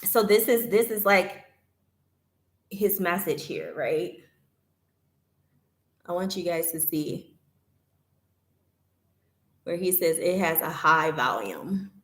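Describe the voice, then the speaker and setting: A woman vlogger talking casually to her viewers, retelling a complaint with animated indignation. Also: on the low side, takes it slowly, pauses often, reverberant. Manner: animated, indignant retelling, reads chat aloud.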